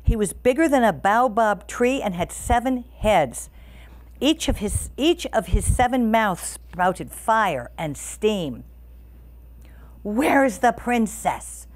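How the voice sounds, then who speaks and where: A woman storyteller reading a picture book aloud with an expressive, animated delivery. Her pitch moves freely across a medium range, rising and falling with the tale. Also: takes it slowly.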